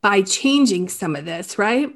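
A woman hosting an interview, talking haltingly with many restarts, close to tears. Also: medium pitch, expressive. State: emotional, near tears. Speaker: host. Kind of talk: emotional interview about a crime case.

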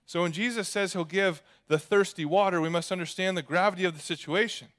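This young pastor's voice sits high and sounds fairly bright as he moves fairly quickly through his sermon. He keeps it conversational and jokey, acting out asides along the way.

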